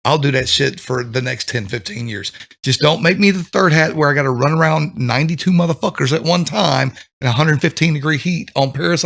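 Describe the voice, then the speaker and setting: A man's voice: a little high, gravelly, a bit bright. A middle-aged man, a former drill instructor, telling blunt, profane stories in casual chat. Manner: blunt, profane storytelling with laughter.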